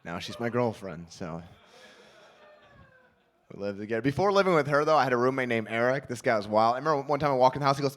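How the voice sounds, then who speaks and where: A man doing a stand-up comedy set in a small club, acting out the people in his story with loud, shouted voices. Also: medium pitch, animated, quick pace. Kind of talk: stand-up routine.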